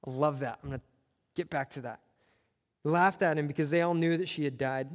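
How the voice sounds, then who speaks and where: A man's voice: a little high, fairly even intonation, a little fast. A man preaching a sermon as a pastor, earnest, with repeated phrases that build on each other. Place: church sanctuary. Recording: long reverb of a church hall.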